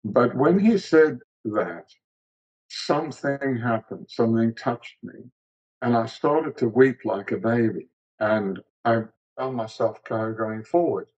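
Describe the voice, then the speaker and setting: A middle-aged man from South Africa, a guest telling an earnest, gently wry personal story in casual chat. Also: medium pitch, animated, slow, breathy edge, lo-fi sound.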